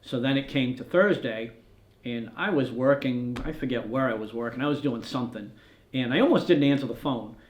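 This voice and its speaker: A man's voice: medium pitch, brisk. A man, a news photographer, telling long stories in a documentary interview and acting out the lines of the people in them. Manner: rambling storyteller who acts out quoted dialogue. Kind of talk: documentary interview, recounting anecdotes. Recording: roomy echo.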